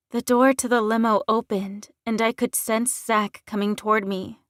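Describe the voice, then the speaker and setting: Slow, dry-voiced woman reading an audiobook. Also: a little high, little pitch movement, no room sound. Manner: measured, unhurried reading. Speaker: audiobook narrator. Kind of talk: scripted audiobook narration.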